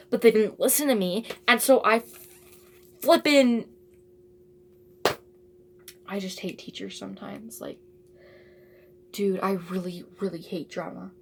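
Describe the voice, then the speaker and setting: A woman's voice: lowish voice, a little hiss or hum. Chatty teen girl rambling through a story. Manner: rambling, chatty, with many asides and fillers. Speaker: vlogger. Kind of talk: casual storytime.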